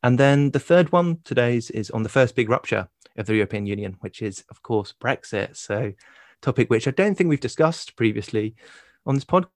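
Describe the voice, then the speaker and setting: A man co-hosting a podcast from home, introducing the topic in a hesitant way with many pauses and restarts and some dry humor. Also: medium pitch, animated, dry recording. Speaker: podcast co-host. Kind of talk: casual podcast discussion. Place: home in London.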